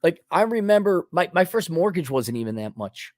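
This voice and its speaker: A man's voice: on the high side, sing-song, normal speed, dry recording. Middle-aged guy on a livestream, sarcastic and blunt, reads super chats, dry close mic. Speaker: host.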